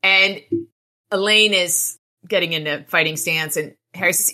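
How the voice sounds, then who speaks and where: A woman's voice: fairly low pitch, measured pace, sharp tone. A woman podcast host reading passages from a novel aloud and retelling scenes in casual, sweary commentary, lightly voicing the characters. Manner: swears freely, switches between reading and retelling; gives characters mild voices.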